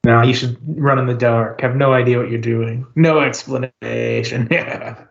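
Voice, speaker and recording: A man's voice: medium pitch, fairly even intonation, moderate pace, vocal fry, lo-fi sound. A man playing in an online tabletop game, chatting casually and teasing the others. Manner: joking, teasing. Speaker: player. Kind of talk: casual chat between players.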